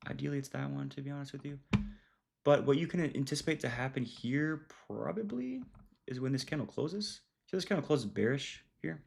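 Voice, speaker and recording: A man's voice: mid-range voice, expressive, brisk, gravelly, darkish tone. A young man giving a loose, casual recap of his trades as a trading educator, full of fillers and "dude". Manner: loose, filler-heavy, says "dude" and "bro".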